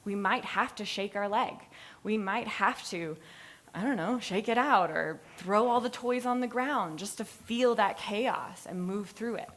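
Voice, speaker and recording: A young adult woman giving a live capstone presentation, telling a story with lively, acted-out voices. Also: medium pitch, a little slow. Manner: expressive storytelling, acts out voices in anecdotes. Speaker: graduate student presenter. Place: presentation hall.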